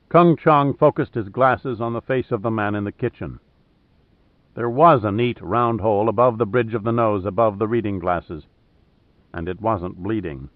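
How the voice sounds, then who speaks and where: Low-voiced man narrating a thriller. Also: moderate pace, no room sound. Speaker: audiobook narrator. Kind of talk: scripted narration. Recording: dry, tinny phone-like sound.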